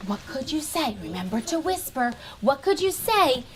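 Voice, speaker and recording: A woman teacher leading young children in a classroom, animated and full of praise. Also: high-pitched, normal speed, a little hiss or hum.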